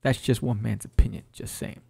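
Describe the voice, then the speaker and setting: A man's voice: fairly low pitch, brisk, gravelly, darkish tone, breathy edge. A man hosting a podcast and casually talking through a comic book, laid-back and joking. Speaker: podcast host.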